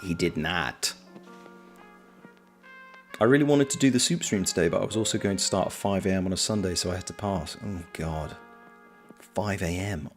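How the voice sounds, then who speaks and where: Streamer host, man, low-pitched, easygoing chat with viewers, faint music underneath. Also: quick pace. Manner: chatty, reads chat messages aloud and answers viewers. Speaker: livestream host. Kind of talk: casual livestream chat. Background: soft lo-fi background music.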